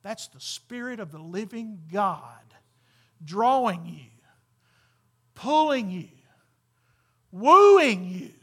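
A male preacher, delivering a sermon in a church. His voice sits very high and rings bright. He speaks slowly and deliberately, then swells fervently into emphatic calls. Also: sing-song, husky. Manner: fervent, emphatic, builds to exclamations. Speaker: pastor. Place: church sanctuary with congregation.

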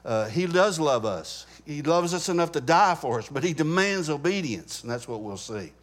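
A man's voice: fairly high pitch, animated, moderate pace. A man teaching a Bible study class in a conversational way, stopping to ask the group questions and often restarting his sentences.

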